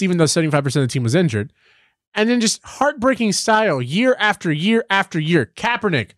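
A young man co-hosting a casual sports chat, telling rambling stories full of "um" and "like", jumping up in pitch when he gets worked up. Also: a little fast, no room sound, studio quality. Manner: animated, rambling storytelling with many fillers. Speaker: podcast co-host.

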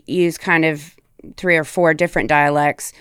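Smooth-voiced chatty actress, woman. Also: sits low, little pitch movement, unhurried, a bit bright, no room sound, studio quality. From Tennessee, US South. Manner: chatty and candid, swears freely, demonstrates accents. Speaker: actress guest. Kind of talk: casual podcast chat.

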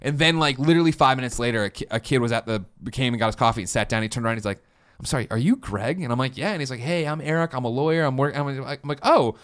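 A man in his thirties co-hosting a podcast, telling excitable, rambling stories full of restarts and swearing. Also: mid-range voice, rapid-fire, smooth. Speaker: podcast co-host. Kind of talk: casual podcast chat.

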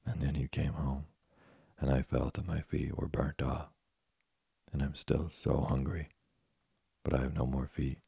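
A man's voice: a bass voice, little pitch movement, a little slow, gravelly, dark tone, breathy edge, no room sound, studio quality, exaggerated voice. A man voicing a hungry, whiny wooden puppet boy in a storybook reading, complaining and petulant.

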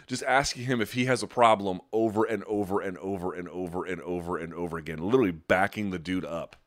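A man hosting a podcast, telling stories and chatting casually with a rambling, profane, animated delivery. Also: deep voice, fast talker. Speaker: podcast host. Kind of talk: casual chat and storytelling.

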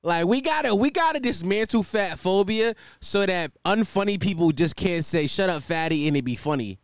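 A man hosts his podcast in a loose, comedic monologue, cursing freely and riffing between jokes. His voice sits a little high for a man and swings widely in pitch. The sound is smooth, close and dry on a desk mic. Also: normal speed, no room sound. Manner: profane, joking, animated rambling. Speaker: podcast host. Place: hot room at home with a fan. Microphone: desk microphone.

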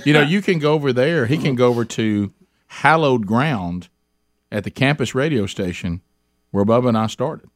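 A man co-hosting a radio talk show, laughing often and chiming in with quick agreement. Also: mid-range voice, expressive, no echo, studio quality. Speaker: radio host. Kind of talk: casual radio chat.

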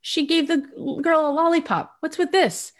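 A woman voicing a complaining little girl waiting at the doctor's office, in a high whining tone. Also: moderate pace, lightly acted. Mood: whiny.

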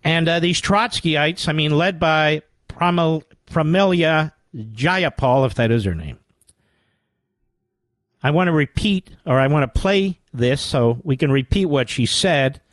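A man's voice: on the high side, lively intonation, a little slow, a bit bright, dry recording. A man hosting a political talk radio show, delivering sarcastic, combative commentary.

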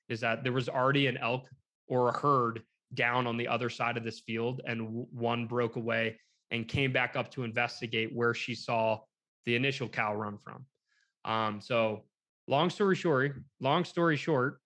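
Man rambling through a hunting story. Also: medium pitch. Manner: rambling, animated retelling with quoted dialogue. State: shaken, emotional. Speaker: hunter telling a story. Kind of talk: casual storytelling.

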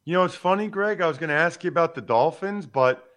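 A man's voice: fairly high pitch, animated, fast, a bit bright. A man hosting a casual sports talk, asking questions in a conversational way. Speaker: podcast host.

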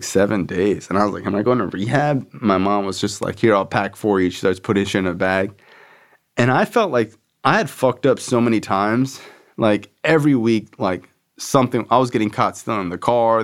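A man with a fairly low voice tells his own life story as a podcast host. He talks loosely and candidly, with lots of "like" fillers and swearing. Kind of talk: casual personal storytelling.

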